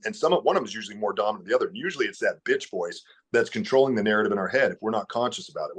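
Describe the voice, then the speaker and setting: A man's voice: fairly low pitch, husky. A man speaking as a podcast guest in casual conversation, earnest and blunt, with casual swearing.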